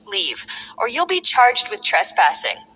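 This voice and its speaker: A woman's voice: mid-range voice, huge pitch swings, a little slow, pushed and bright, slightly rough, heavily acted. A woman voicing a stern female wrestling executive who speaks firmly and angrily. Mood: furious. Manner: firm, angry. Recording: echoey long reverb.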